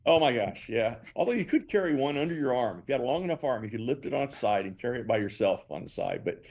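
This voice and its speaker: An older man, a company founder and guest, telling animated stories and acting out both sides of past conversations. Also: medium pitch, fast. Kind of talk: storytelling interview answers.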